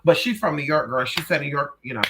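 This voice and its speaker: A young man telling a story in a casual, animated way, sassy and full of profanity. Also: a little high, fast, background noise. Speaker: vlogger.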